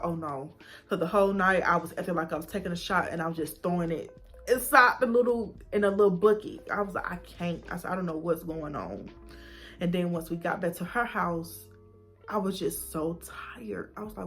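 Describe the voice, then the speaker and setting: Young woman, lower voice, animated storytelling vlog with whispered asides. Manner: animated retelling, acting out her own past reactions with whispers and gasps. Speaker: vlogger.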